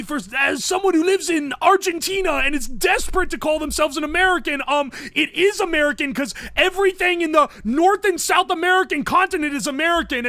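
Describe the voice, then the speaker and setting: A man doing a pompous know-it-all with a put-on British accent, lecturing and half-shouting in a high, bright, strained voice. The delivery is fast and nitpicking, and the sound is close and dry, with no room around it. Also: no echo. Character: smug pedantic male commenter with a put-on British accent.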